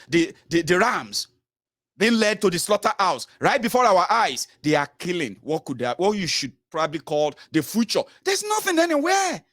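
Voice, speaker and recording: A man's voice: high voice, no room sound, studio quality. A Nigerian-accented man ranting through political commentary for his vlog, mixing pidgin into his English. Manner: animated, mixes pidgin into English.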